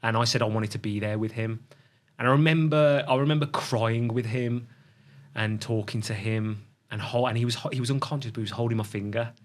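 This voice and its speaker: A middle-aged man telling a personal story as a podcast guest, reflective and halting, often restarting his sentences. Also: fairly low pitch, fairly even intonation.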